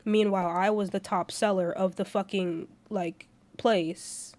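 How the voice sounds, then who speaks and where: A woman's voice: mid-range voice, fairly even intonation, measured pace, darkish tone. A woman in her twenties chatting casually on a livestream, telling rambling stories with heavy profanity and blunt rants. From Florida. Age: 20s. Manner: profane, ranting storyteller. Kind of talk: casual stream chat.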